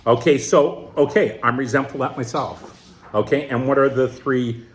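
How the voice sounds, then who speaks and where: A man's voice: medium pitch, normal speed, a little hiss or hum. A man teaching a group workshop in plain, conversational words, often checking in with his listeners. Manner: animated, keeps checking in with listeners. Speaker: twelve-step workshop leader.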